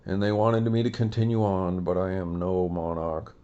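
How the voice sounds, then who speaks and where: A man's voice: low-pitched, moderate pace, dark tone, smooth, highs cut off, lightly acted. A man putting on a pompous old founding-father president. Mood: solemn. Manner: stately, theatrical proclamations.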